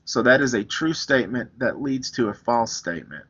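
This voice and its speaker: A man's voice: mid-range voice, lively intonation, normal speed, a bit bright, breathy edge, muffled recording. A man teaching a recorded math lesson, explaining step by step with everyday examples. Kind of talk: recorded lecture, writing on screen.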